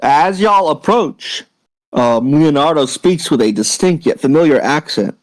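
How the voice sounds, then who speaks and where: A man's voice: on the high side, lively intonation, no echo, poor audio. A man running a tabletop game as game master, talking casually and swearing now and then. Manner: casual, swears, talks fast.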